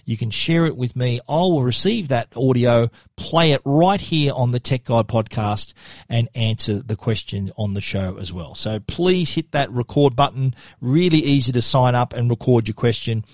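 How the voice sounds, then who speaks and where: A man's voice: medium pitch, normal speed, no echo, studio quality. A man with an Australian accent hosting a tech podcast in an upbeat, chatty way, with frequent fillers and restarts. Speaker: podcast host. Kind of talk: casual podcast talk.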